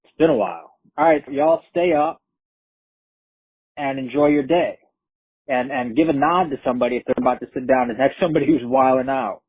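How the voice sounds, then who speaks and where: A man telling a story in a profane, streetwise, animated way. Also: mid-range voice, fairly quick, breathy edge, no room sound. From Brooklyn, New York. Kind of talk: casual spoken storytelling. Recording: tinny phone-like line, dry.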